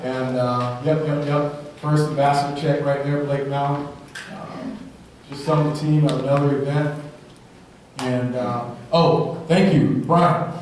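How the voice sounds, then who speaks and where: A man giving an energetic motivational talk at a live sales rally, telling stories and often asking the crowd "right?". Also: fairly high pitch, measured pace, a little hiss or hum. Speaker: motivational speaker. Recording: echoey hall, from far off.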